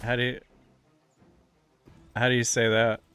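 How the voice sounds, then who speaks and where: A male streamer chats in a relaxed, drawn-out way, teasing his viewers with playful questions. His voice is smooth and clean, and soft music plays quietly under him. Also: mid-range voice. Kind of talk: casual chat with live chat.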